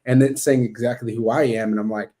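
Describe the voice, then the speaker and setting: A man's voice: mid-range voice, fairly even intonation, fast talker, mellow. A man hosting a podcast, telling stories in a blunt, profane, casual way. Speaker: podcast host.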